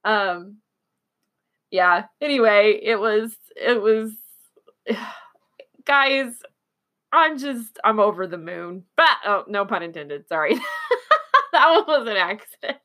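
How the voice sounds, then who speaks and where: A woman's voice: mid-range voice, very animated, slow, long pauses, bright, forceful tone. A woman from Oklahoma chatting casually as a host, rambling with fillers, restarts and frequent giggles. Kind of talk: casual chat.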